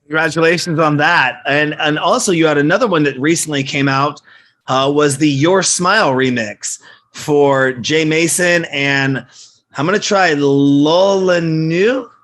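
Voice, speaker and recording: American man hosting, higher voice. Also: normal speed, sharp tone. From United States. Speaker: interview host. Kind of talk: casual interview. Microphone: computer mic over a video call.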